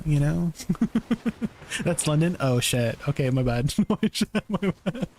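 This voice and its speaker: A man's voice: a little high, animated, unhurried, a little mellow, slight background noise. Chatty laughing man streamer. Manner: chatty, laughs often, answers chat questions. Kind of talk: casual live-stream chat with viewers.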